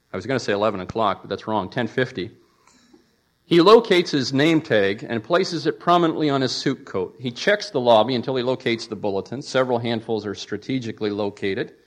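A man preaching a sermon as pastor, stressing key words with sudden rises and then dropping to quieter, lower phrases. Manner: emphatic preaching with rises and drops in pitch and volume.

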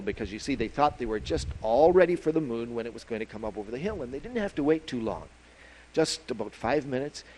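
A man's voice: a little high, low-quality recording. Folksy man telling a children's story. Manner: folksy, many fillers, lively.

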